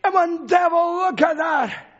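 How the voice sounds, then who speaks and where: A male preacher giving a dramatic sermon, swinging from shouts to hushed lines, on a dull lo-fi recording. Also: extremely high pitch, unhurried.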